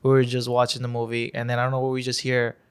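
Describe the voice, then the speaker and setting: Young man, podcast co-host, smooth clear voice, casual rambling chat. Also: medium pitch, fast talker. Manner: rambling storyteller, animated retelling.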